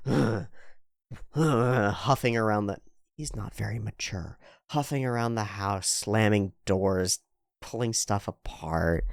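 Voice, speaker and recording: A man's voice: fairly low pitch, a little slow, creaky, no echo, clean studio sound. A man giving casual reaction commentary on a manga. He is emphatic, swears freely and repeats his points for stress.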